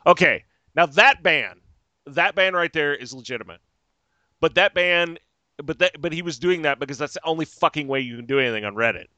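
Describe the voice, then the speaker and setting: Podcast host, male, sweary sarcastic ranter, bright forceful tone, dry close sound. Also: on the high side, lively intonation, fairly quick, no room sound, dull audio. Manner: profane, ranting, sarcastic. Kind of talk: casual ranting chat.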